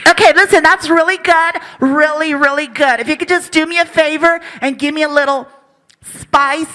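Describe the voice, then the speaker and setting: A man's voice: very high-pitched, fairly even intonation, normal speed, bright, forceful tone, pitched above the performer's own voice. A comedian voicing an upbeat, pushy female cartoon director who coaxes him through a PA system. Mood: chirpy coaxing. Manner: chirpy, coaxing, over the PA.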